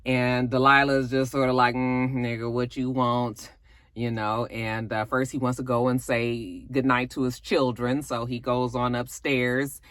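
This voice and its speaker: A woman's voice: extremely low pitch, level tone, normal speed, hardly any pauses, fairly bright tone, no echo. A woman hosting a casual vlog, recapping a TV episode in a chatty way with plenty of asides. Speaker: vlog host reviewing a TV episode.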